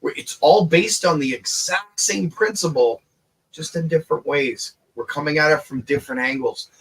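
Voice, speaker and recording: A man, an inventor, talking in a relaxed group video chat, animated and quick to laugh and swear. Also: a little high, slightly rough. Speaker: inventor and show guest.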